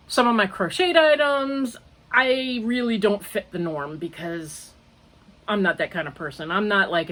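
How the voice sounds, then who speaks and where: A woman's voice: mid-range voice, a bit bright. An older woman chatting about her crochet projects and telling a long story. She rambles and jumps between points, often laughing at herself as she talks. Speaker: crochet podcaster. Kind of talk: casual chat.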